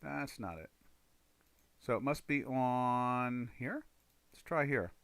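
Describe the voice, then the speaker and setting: A man's voice: medium pitch, takes it slowly, a bit bright, no room sound. A man hosting a live trading stream, chatting casually, rambling with many fillers and reading viewer comments aloud. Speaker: trading livestream host.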